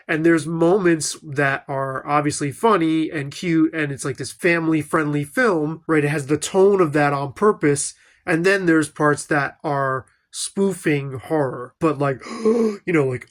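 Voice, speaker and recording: A middle-aged man talking casually through an old film review, rambling with many fillers and asides. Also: a little high. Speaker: film commentator.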